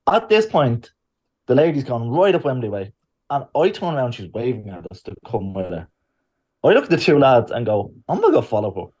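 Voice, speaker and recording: A man's voice: mid-range voice, a little fast, breathy edge, dull audio. A man, a podcast co-host telling a story in casual chat and acting out the lines of the people in it. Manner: lively storyteller, acts out quotes.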